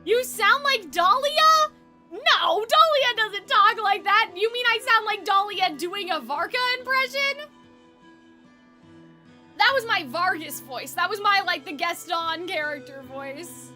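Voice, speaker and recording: Young woman gaming streamer, super high and bright, reads the quest text out loud, soft music under it. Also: lively intonation, unhurried. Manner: reads game text aloud, chatty asides to chat. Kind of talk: live game reaction stream.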